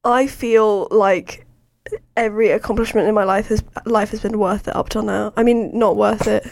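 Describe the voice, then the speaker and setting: Teasing teen girl with gravelly fry. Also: medium pitch, fairly even intonation, a little mellow. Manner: teasing, dry, drawn-out. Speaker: radio show co-host. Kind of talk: casual breakfast show chat.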